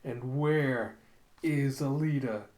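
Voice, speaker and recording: A man doing a slow, menacing cyborg villain. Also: medium pitch, fairly even intonation, darkish tone, reverberant, lightly acted. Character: menacing male cyborg villain, cold and deranged.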